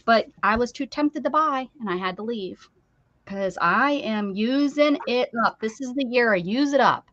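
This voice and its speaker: Lively chatty woman streaming. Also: fairly high pitch, moderate pace, no room sound, dull audio. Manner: chatty and animated, greets viewers by name, coaxes her dog. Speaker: craft livestream host. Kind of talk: casual livestream chat.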